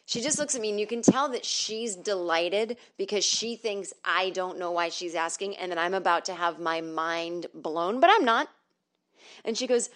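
A woman's voice: on the low side, normal speed, fairly bright tone. Middle-aged woman, podcast host, sarcastic, profane, comedic storytelling monologue, recorded at home. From northern United States.

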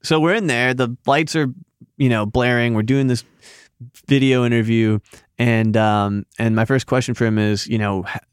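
A man's voice: medium pitch, steady tone, moderate pace, smooth, dry recording, studio quality. A man, a magazine editor, telling a rambling story in casual podcast chat, full of fillers and restarts.

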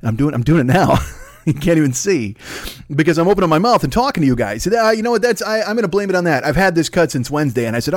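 A man hosting his own podcast in a rambling, profane, self-mocking comic monologue, often talking fast. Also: fairly high pitch, expressive, no echo, studio quality. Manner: talks fast, then slows down. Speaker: podcast host.

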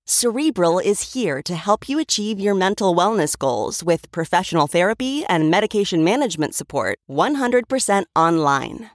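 A woman reading a scripted advertisement in a smooth, even, upbeat delivery. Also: on the low side, moderate pace, hardly any pauses, no echo. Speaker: ad announcer. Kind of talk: scripted ad read. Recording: dry studio voice-over.

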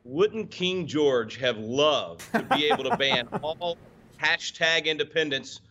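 A man's voice: on the high side, lively intonation, slow pace, pushed and bright. A man joining as a guest commentator in an interview, upbeat and laughing as he talks. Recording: dull lo-fi remote line.

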